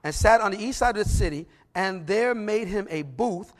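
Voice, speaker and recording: A middle-aged male preacher with a high-pitched voice delivers a sermon, reading scripture slowly before shifting into lively, animated storytelling.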